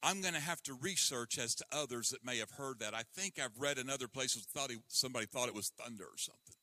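A male pastor preaching a sermon, swinging from loud emphasis to hushed tones. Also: mid-range voice, quick pace, dry recording, clean studio sound. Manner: breaks into hymn lines.

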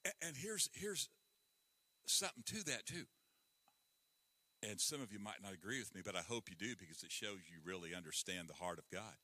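A male pastor preaching a sermon, swinging from loud emphasis to hushed tones. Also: fairly low pitch, lively intonation, brisk, long pauses, no echo. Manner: breaks into hymn lines.

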